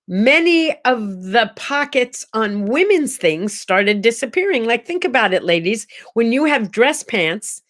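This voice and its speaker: A middle-aged American woman hosting a casual solo talk show, chatting in a rambling way and telling stories with many asides. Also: fairly high pitch. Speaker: host.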